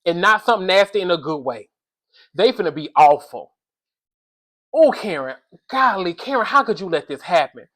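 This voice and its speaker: Calling her viewers "y'all," this woman riffs comedically on reality TV in a casual, slang-filled scolding, sounding animated and fed up. She speaks at a moderate pace with a voice on the low side.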